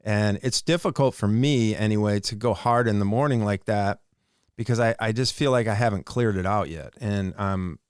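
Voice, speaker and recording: A man with a deep, clear voice thinks aloud as a podcast co-host, reflective and easygoing. The sound is dry and close. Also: moderate pace, dry recording. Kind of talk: casual podcast chat.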